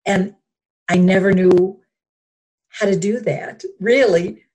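Slow, breathy woman reflecting thoughtfully. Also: medium pitch, fairly even intonation, a little mellow. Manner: slow, thoughtful, halting with pauses. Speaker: guest. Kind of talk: reflective conversational interview.

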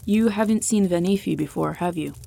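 A woman reading the lines of a calm, courtly elvish king in a smooth, unhurried voice. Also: fairly low pitch, heavily acted. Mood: composed. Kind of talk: audiobook character reading.

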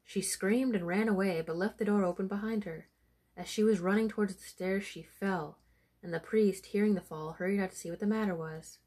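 A woman reading a folk tale aloud with a steady storytelling delivery. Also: mid-range voice, brisk.

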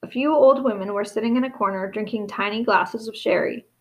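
A woman reading a storybook aloud in a steady, expressive narration. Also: mid-range voice, a little fast, rough recording. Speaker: audiobook reader.

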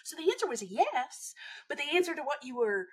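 A woman's voice: sits high, big pitch swings, fairly quick. A woman guest in casual podcast chat, explaining things bluntly and teasing her host dryly.

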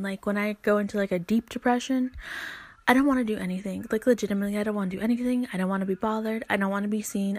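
A woman's voice: mid-range voice, no echo. A young woman podcaster ranting in a rambling, profane monologue, venting about her frustrations. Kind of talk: solo podcast rant.

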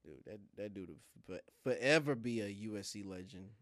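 A man co-hosting a sports podcast, playful and animated, repeating lines for emphasis. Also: lowish voice, moderate pace, no echo, studio quality. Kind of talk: casual sports chat.

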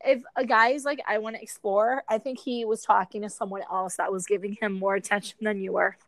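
A young woman co-hosting a casual chat, animated and chatty, swearing freely while she does chores. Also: medium pitch, brisk, no room sound, poor audio. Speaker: podcast co-host.

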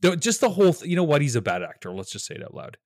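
A man's voice: on the high side, big pitch swings, very fast, no echo, studio quality. A young man co-hosting a podcast, chatting casually, laughing and teasing his co-host. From outside the United States. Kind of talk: casual banter.

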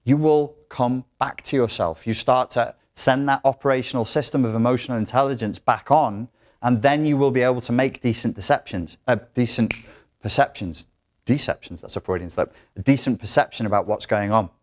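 A man's voice: mid-range voice, fairly quick. A man giving a live workshop talk to an audience in a blunt, profane, joking way, with restarts. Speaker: workshop speaker.

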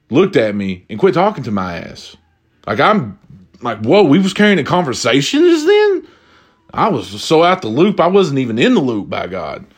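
A young man telling a comedic story casually, profane and animated, jumping from high exclamations to low asides. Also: husky. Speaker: vlogger.

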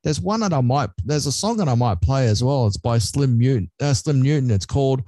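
An Australian man co-hosts a casual talk show in a mellow, dark voice, recorded dry and close. He rambles easily from point to point, filling his pauses with "uh". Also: mid-range voice, lively intonation, no room sound. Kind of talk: casual chat.

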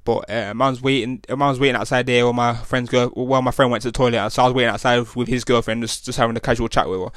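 A man's voice: medium pitch, steady tone, quick pace, few pauses, a bit bright, dry recording, clean studio sound. A young man, hosting a podcast and telling a rambling story in slang, full of restarts and tag questions. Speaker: podcast host. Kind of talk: casual storytelling monologue.

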